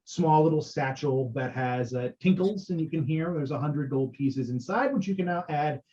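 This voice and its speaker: A man's voice: on the high side, moderate pace, dark tone, a little hiss or hum. A man narrating a tabletop game as game master, rambling with many fillers. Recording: dull lo-fi audio.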